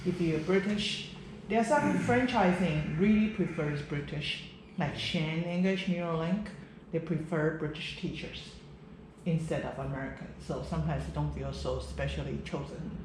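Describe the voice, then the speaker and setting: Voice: medium pitch, moderate pace. Emphatic trainer in an echoey room. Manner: emphatic, drills sounds, checks understanding. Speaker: trainer explaining pronunciation drills. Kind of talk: casual instructional chat. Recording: echoey room, faint background noise.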